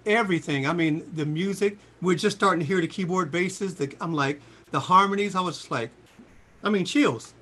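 A man in his sixties, a singer, telling lively stories in a casual interview and jumping into high voices for quotes. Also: normal speed. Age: 60s. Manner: animated storyteller, jumps into high voices for quotes. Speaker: singer and guest.

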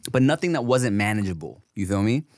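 Young male podcast host, casual storyteller, very expressive pitch, dead-dry room. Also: fairly quick, dry recording. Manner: animated, slangy, swears casually.

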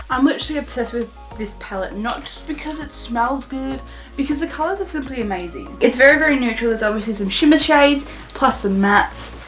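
An excitable teenage girl chats her way through a casual haul vlog, gushing about everything she got. Her voice sits a little high, and soft music plays faintly behind her. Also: fairly quick. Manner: gushing, excitable, says "literally" constantly. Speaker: beauty vlogger.

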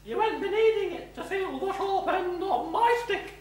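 A man's voice: very high voice, expressive, normal speed, a loud crowd. A man playing a stern, bossy older female school matron in a one-man stage show, talking in a haughty, scolding way. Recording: echoey theatre stage, mic far off.

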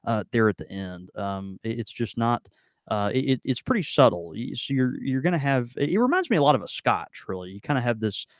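Lively intonation and a brisk pace mark this man's medium-pitched voice as he co-hosts a casual tasting chat on a Mississippi podcast. He rambles with many fillers and restarts, and the studio-quality audio has no room sound.

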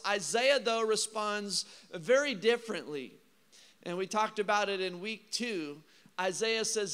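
A man's voice: high-pitched, moderate pace, sharp tone, clean tone. A man preaching a sermon as pastor, in a conversational way, acting out reluctant replies with a chuckle. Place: church auditorium. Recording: long hall reverb.

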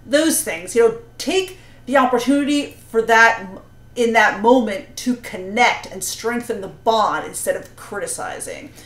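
A woman's voice: on the high side, measured pace, a bit bright. A woman giving parenting advice to camera, explaining earnestly with many "you know"s and "right?"s. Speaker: parenting coach and astrologer. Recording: roomy echo.

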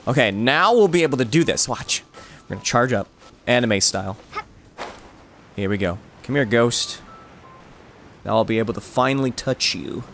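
A man's voice: mid-range voice, moderate pace, long pauses, a little hiss or hum. Playful man doing let's-play commentary. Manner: playful, jokey, animated. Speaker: gaming channel host.

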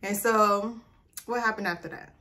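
A young adult woman telling a personal story to camera in a casual, animated vlog chat. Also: medium pitch, normal speed. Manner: chatty, animated, addresses viewers. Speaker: vlogger.

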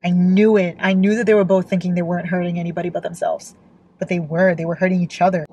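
A woman's voice: lowish voice, quick pace, darkish tone, slight background noise, poor audio. Young woman reacting emotionally to a book. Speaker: book vlogger. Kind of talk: reading aloud and reacting.

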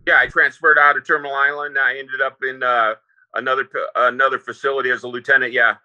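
A man, a former prison lieutenant, telling stories in a relaxed interview, rambling with restarts and fillers. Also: medium pitch, fast, muffled recording. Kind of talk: casual interview storytelling.

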